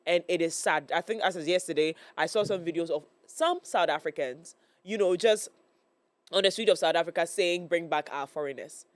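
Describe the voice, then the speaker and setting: A woman's voice: lowish voice, moderate pace, no echo. Woman, live studio host with a cold: nasal and stuffy, chatty, filler-heavy delivery, dry close studio sound. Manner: chatty, hesitant with many fillers. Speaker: morning show host. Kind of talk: live studio talk show hosting. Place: broadcast studio. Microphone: studio microphone.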